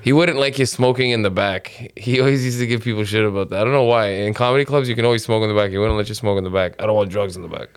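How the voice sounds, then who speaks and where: Animated, foul-mouthed comedian telling stories. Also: male voice, lowish voice, clean tone. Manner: animated, swearing, fast storytelling. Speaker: comedian guest. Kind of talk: casual storytelling chat.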